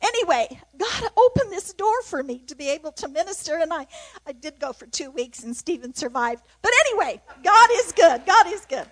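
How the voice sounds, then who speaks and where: A woman's voice: high-pitched, lively intonation, brisk, no room sound, rough recording. An older woman giving an emotional mission testimony in church, exclaiming praise.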